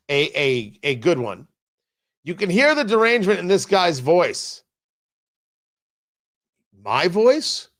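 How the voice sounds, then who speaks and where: A man's voice: high voice, a bit bright. A man hosting a political commentary show, sarcastic and exasperated, often stumbling over restarts. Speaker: talk show host.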